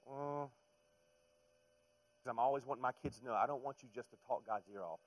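Man preaching, hushed to emphatic. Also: mid-range voice, moderate pace, pauses often, poor audio. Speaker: pastor. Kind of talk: sermon.

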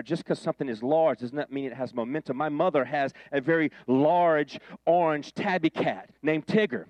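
A man preaching in a playful, conversational way, slipping into little character voices for the people in his story. His voice sits on the higher side, and the sound is dry and close with no room echo. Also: moderate pace, few pauses. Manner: animated, jokey, acts out voices of biblical figures. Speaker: pastor. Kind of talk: sermon.

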